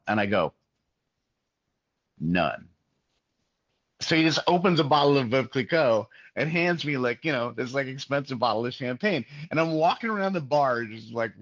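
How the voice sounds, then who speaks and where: A man's voice: medium pitch, a bit bright, no room sound. A man in his fifties being interviewed, telling casual stories with lots of fillers and restarts. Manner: rambling, many fillers and restarts. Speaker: musician, interview guest. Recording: dull, muffled sound, dry.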